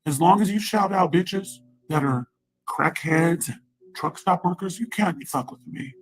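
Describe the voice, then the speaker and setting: A woman's voice: fairly low pitch, measured pace, poor audio. A woman in a profane, rambling angry rant, taunting and repeating herself.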